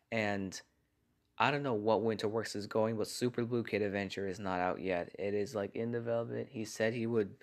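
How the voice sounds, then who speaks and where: A man reads viewer comments aloud in a casual vlog, keeping his voice low and hushed. His voice sits very low and has a gravelly fry. He is recording in his garage at home. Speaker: channel host reading viewer comments.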